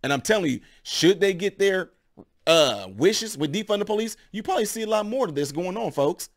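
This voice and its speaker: A man's voice: high-pitched, fairly quick. A man hosting his own channel, giving heated, rambling opinion commentary to his viewers. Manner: animated, rambling, addresses viewers as y'all.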